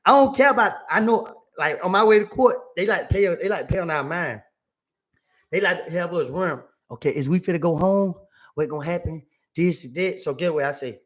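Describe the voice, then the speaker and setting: Animated high-voiced man. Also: normal speed. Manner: animated, acts out other voices, slangy. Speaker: streamer telling a story to chat. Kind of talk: casual storytelling.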